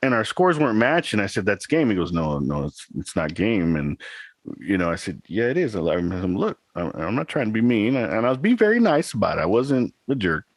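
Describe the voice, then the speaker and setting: A man's voice: lowish voice, big pitch swings, fairly quick, no room sound. A man in his thirties, a podcast co-host, chatting casually and telling a rambling story with laughs. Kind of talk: casual chat.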